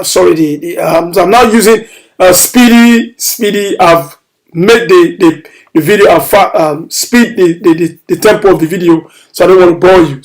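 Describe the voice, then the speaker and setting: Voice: mid-range voice, low-quality recording. A building contractor giving a casual video tour of a building site outdoors. They speak emphatically and enthusiastically, repeat key phrases, and now and then raise their voice.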